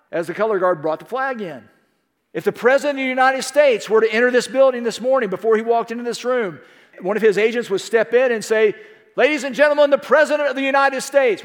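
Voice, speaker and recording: Emphatic high-voiced man preaching in a hall. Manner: emphatic, folksy storytelling with rhetorical questions. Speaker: pastor. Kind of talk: sermon. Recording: long reverb of a large hall.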